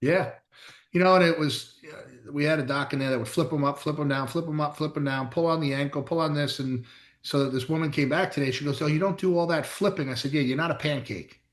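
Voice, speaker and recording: A man's voice: fairly high pitch, fairly even intonation, brisk. A middle-aged man, a chiropractor co-hosting a casual chat, telling blunt, emphatic stories with some mild swearing. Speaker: chiropractor, podcast co-host. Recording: echoey room.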